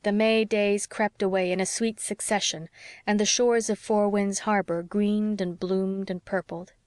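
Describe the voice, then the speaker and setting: A woman narrating an audiobook in a steady, unhurried reading voice. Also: medium pitch, no echo, studio quality. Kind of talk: scripted narration.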